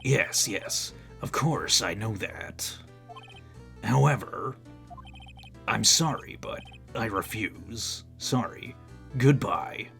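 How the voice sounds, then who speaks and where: A man voicing a pompous, evasive old male lawyer with a gruff, drawling manner. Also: on the low side, lively intonation, slow, long pauses, fairly bright tone, soft background music, exaggerated voice.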